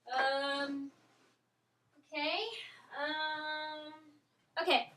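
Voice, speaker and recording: Young woman, high voice, rambling webcam vlog, excitable, lots of ums. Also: a little slow. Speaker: vlogger. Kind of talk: casual chat to camera.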